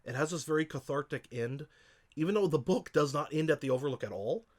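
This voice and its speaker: A man's voice: on the high side, animated, fast. A man co-hosting a casual movie review podcast. He rambles with passion, swears often and gets emotional. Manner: emotional, chokes up. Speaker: podcast co-host.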